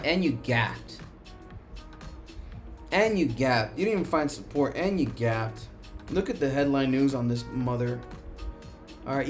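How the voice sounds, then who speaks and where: On a live stream about the stock market, a host with a mid-range voice reacts excitedly to price moves, celebrating one moment and panicking the next, with lots of profanity throughout.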